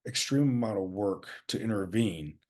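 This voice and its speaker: A man hosting a podcast interview, thoughtful and affirming, speaking with halting fillers. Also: lowish voice, animated, a little mellow. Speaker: podcast host.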